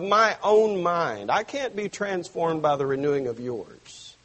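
A male pastor delivers an evening sermon at an unhurried, deliberate pace. His voice is a little husky and sits somewhat high for a man. He presses hard on key words, then lets whole phrases sink soft. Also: lively intonation. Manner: emphatic preaching with slow stressed phrases and sudden soft drops. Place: church.

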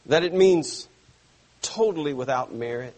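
A man preaching a sermon to his church, stressing phrases slowly and dropping suddenly soft. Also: on the high side, lively intonation. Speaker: pastor.

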